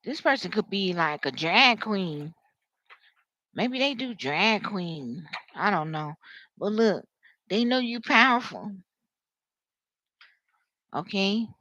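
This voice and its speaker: A woman giving a live tarot reading, talking to viewers in an animated, slangy way. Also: mid-range voice, slow pace, pauses often, no echo, lo-fi sound. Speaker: tarot reader.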